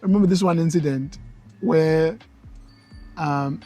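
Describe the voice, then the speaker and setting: A young South African man with a slightly raised voice shares stories with his wife in easy conversation. He drifts between English and Xhosa and brings his anecdotes to life with quoted voices. Soft music plays faintly behind him. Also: fairly high pitch, unhurried. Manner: mixes English with Xhosa, animated when retelling stories. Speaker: co-host, husband. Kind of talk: casual chat.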